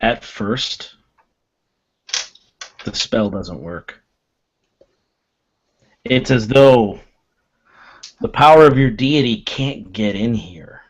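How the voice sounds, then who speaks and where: A man narrating as game master of a tabletop game, describing scenes in a slow, ominous way. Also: mid-range voice, lo-fi sound.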